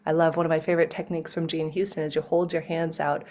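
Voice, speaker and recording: A woman guest in a casual interview over a video call, moving between animated storytelling and soft, slow guided-breathing instructions. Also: deep voice. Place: home, in Toronto.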